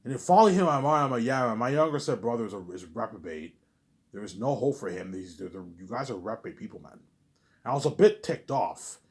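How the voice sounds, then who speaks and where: A man's voice: medium pitch, expressive, brisk. A young man rambling to camera in a monologue, stammering and repeating himself, trailing off on a mumbled "obviously.". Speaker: vlogger.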